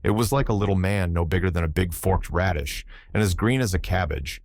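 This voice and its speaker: Man voicing old Irish seaman, superstitious and innocent; deep, lilting yarn-teller for an audiobook. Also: fairly quick, no room sound, studio quality. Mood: storytelling. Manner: yarn-spinning, lilting, animated.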